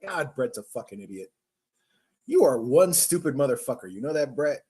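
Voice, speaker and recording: A man's voice: medium pitch, big pitch swings, moderate pace, darkish tone, slightly rough. A man hosting a commentary show, ranting crudely about news clips and mocking people in a sarcastic voice. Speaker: host.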